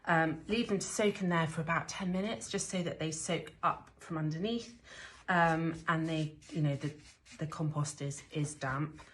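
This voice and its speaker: A woman's voice: sits low, moderate pace, fairly bright tone, slight background noise. A woman chatting casually while showing how she sows seeds indoors, rambling with frequent ums and restarts. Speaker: gardener demonstrating seed sowing. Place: indoors, sheltering from a rainstorm.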